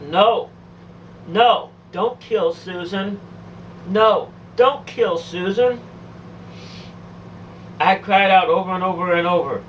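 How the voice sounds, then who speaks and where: A woman's voice: fairly low pitch, a little hiss or hum. Woman, dramatic first-person testimony, pleading, emotional, repetitive, dull distant recording. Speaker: storyteller recounting a near-death experience.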